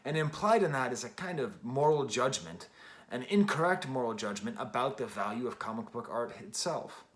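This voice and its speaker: A man's voice: medium pitch, very animated, moderate pace. A man giving a casual spoken record review, thinking aloud with many restarts and fillers. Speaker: music reviewer.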